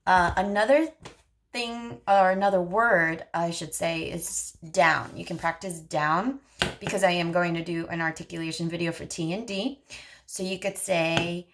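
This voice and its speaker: A woman's voice: lowish voice, steady tone, measured pace, fairly bright tone, a little hiss or hum. A woman speech therapist coaching parents, patiently modeling short phrases in a sing-song voice. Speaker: speech-language pathologist.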